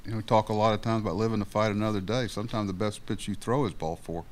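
Low-voiced older manager rambling at a press conference. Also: male voice, steady tone. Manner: rambling, halting, many fillers. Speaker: baseball manager.

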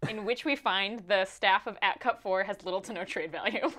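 A woman co-hosting a podcast in casual chat, wry and quick to laugh. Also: medium pitch, crowd noise. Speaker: podcast co-host. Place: studio.

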